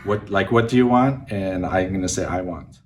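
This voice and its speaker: A man's voice: low-pitched, moderate pace. A man learning phrases from his wife in a casual home lesson, hesitant and joking, repeating words as he goes. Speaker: language learner, host. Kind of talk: casual language lesson chat. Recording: distant mic, faint room noise.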